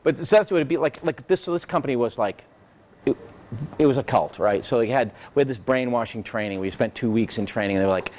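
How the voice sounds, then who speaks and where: Sarcastic, animated man ranting on stage. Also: mid-range voice, fast, slight background noise. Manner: sarcastic, rambling, profane, peppered with "right?" and "you know". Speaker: guest speaker at a business event. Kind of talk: animated conversational storytelling.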